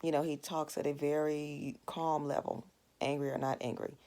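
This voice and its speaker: Low, gravelly-voiced woman teaching a Bible lesson. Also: little pitch movement, normal speed, mellow. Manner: earnest, storytelling with plain everyday asides. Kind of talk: conversational devotional lesson.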